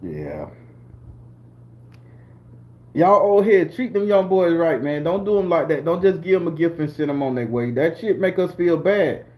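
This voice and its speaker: A man's voice: fairly high pitch, very animated, normal speed, long pauses. A man in his forties from southern Florida, a channel host telling personal stories and chatting with viewers, laughing often and swearing freely. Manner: loud laughing, swearing, talks to chat viewers. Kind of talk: live-stream storytelling chat.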